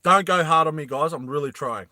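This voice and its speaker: A man's voice: a little high, brisk, pushed and bright, dry recording, clean studio sound. A man casually retelling a movie plot, rambling, self-conscious and laughing often. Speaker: storyteller.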